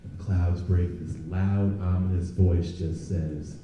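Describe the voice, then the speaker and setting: Young man, stand-up comedy, crowd work, animated, heavy room echo. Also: low-pitched, measured pace, muffled recording. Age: young adult. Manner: animated, crowd work, jumps into loud mocking voices. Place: comedy club stage before a live audience. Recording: very echoey room, from a distance.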